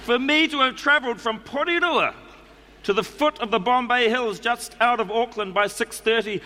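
A man's voice: very high voice, normal speed, bright, forceful tone. A man with a New Zealand accent reading a letter aloud to a live audience, in a dry, formal, mock-serious way. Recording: echoey hall, faint background noise.

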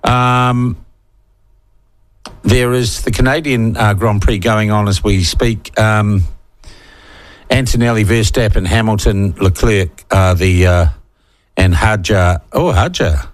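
A man's voice: fairly low pitch, steady tone, takes it slowly, long pauses. A man with a New Zealand accent hosting talkback radio, bluntly chatting and reading out listener texts. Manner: blunt, irreverent, reads listener texts aloud. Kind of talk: opinionated talkback radio chat.

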